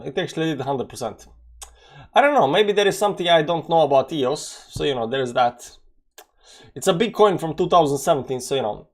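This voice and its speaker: A young man hosts a daily live stream in a loose, conversational way, greeting viewers by name as he talks. His speech is full of "you know" fillers and restarts. His voice sits somewhat higher than most men's. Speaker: crypto market show host. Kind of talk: live-stream market chat.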